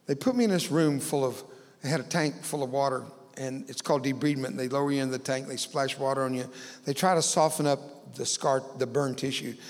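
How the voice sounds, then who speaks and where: A man's voice: fairly high pitch, in a large hall. A man telling a personal story as a guest speaker in a church, acting out voices with humorous asides. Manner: dramatic storyteller, acts out dialogue, humorous asides. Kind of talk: storytelling sermon.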